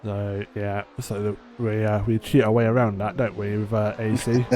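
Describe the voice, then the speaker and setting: A man's voice: on the low side, level tone, normal speed, dark tone, slight background noise. A man commentating a sim race, chatty and reacting to the on-track battles.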